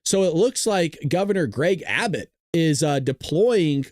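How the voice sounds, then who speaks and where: A man's voice: fairly high pitch, lively intonation, unhurried, a little mellow, dry recording, clean studio sound. A man hosting a reaction show, talking over clips in a mocking, sarcastic way with frequent laughs and swearing. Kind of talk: casual reaction commentary.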